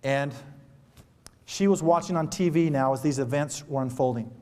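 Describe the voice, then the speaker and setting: A man's voice: on the high side, normal speed, mellow. A man giving a motivational keynote to an audience, telling a story in an earnest, emotional manner. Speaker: motivational speaker. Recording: reverberant hall.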